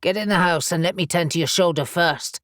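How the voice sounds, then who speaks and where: A woman's voice: on the low side, brisk, fairly bright tone, dry recording, studio quality, close to an everyday voice. A woman voicing a composed, proud male warlock who talks in a firm, clipped way.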